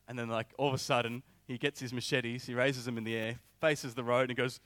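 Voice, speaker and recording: A young man preaching a sermon, telling a personal story in an animated way with many filler words. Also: mid-range voice, fast, hardly any pauses, no room sound.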